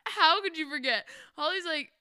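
A young woman co-hosts a podcast and eagerly jumps in to retell the story, packing her speech with "like". Her voice sits high and sounds bright. The mic is close and dry. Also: moderate pace, no echo. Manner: excitable, jumps in, dense with "like". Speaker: podcast co-host. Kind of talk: casual storytelling chat.

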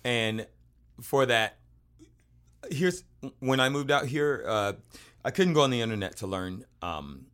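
A man hosting a casual chat, telling jokey stories in an animated way. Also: medium pitch, unhurried, pauses often, clean tone. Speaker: host.

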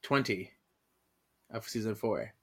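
Man, podcast co-host, casual comic read-along, animated, lively pitch, laughs often. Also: takes it slowly, gravelly, breathy edge. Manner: animated, laughing, paraphrasing dialogue.

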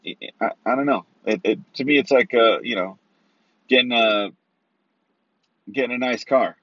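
A man's voice: lowish voice, fairly bright tone, dry recording. A man ranting in a loose, profane monologue, rambling and tossing in rhetorical asides. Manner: rambling, heavy swearing, rhetorical "right?" asides. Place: Los Angeles area. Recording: dry, slightly dull sound.

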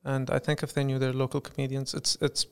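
Young emirati man, mixed american accent, gravelly, smooth clear tone, playful podcast chat. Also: medium pitch, fast. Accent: mixed Western American. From UAE. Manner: lively, jokey, tries on accents. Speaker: stand-up comedian guest. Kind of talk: casual podcast interview.

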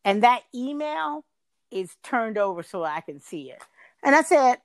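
A middle-aged woman telling a long workplace story in casual chat, her voice jumping high when she gets exasperated. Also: measured pace, no room sound. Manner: animated, swings to high excited pitch when exasperated.

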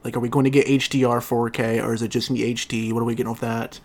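A man's voice: mid-range voice, little pitch movement, rapid-fire, darkish tone. A man hosting a casual podcast chat, loose and jokey, swearing freely. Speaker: podcast host.

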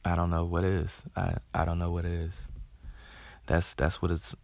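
A man's voice: low-pitched, monotone, normal speed, creaky, a little mellow, no room sound. A man hosting his own show, talking in a loose, rambling way with many fillers and restarts. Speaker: podcast host. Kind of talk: casual monologue.

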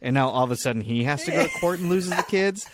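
A man's voice: a little high, animated, quick pace, crowd noise. A young man co-hosting a casual comedy podcast, telling rambling, profane stories full of restarts. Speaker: podcast co-host.

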